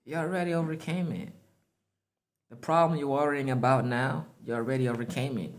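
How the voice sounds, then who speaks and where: A man's voice: medium pitch, fairly quick, slight background noise. Man preaching profane slangy motivation. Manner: emphatic, profane slang, laughs at himself. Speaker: motivational speaker. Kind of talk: freewheeling motivational monologue.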